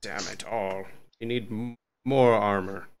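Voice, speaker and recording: A man's voice: lowish voice, steady tone, unhurried, slight background noise. A man narrating a tabletop game as game master, joking and rambling with many restarts.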